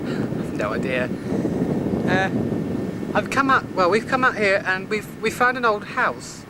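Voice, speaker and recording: An Englishman talks his way through a camping video diary in a jokey, offhand manner, his voice sitting high. He films outdoors in the countryside, and the camcorder mic picks up a loud wash of outdoor noise. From England. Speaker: video diarist. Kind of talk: casual video diary narration. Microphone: handheld camcorder mic. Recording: noisy outdoor camcorder audio.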